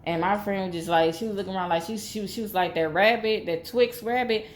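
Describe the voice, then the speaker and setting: A woman's voice: medium pitch, a little fast. Rambling woman telling a story in an echoey room. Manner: rambling, repeats herself, acts out quotes. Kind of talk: casual storytelling. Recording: echoey room with faint ambience.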